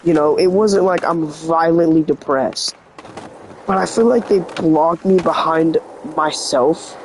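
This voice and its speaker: A man's voice: a little high, measured pace, slight background noise, rough recording. A teenage boy vlogging in an earnest, rambling way, full of "like" fillers, his voice slightly sick and cracking. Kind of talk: confessional vlog talk.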